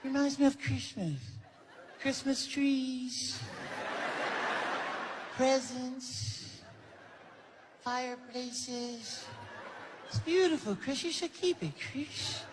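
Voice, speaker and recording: A man putting on a soft, high, breathy voice for a gentle male celebrity. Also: very slow, pauses often, crowd noise, full character voice. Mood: dreamy. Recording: noisy live recording.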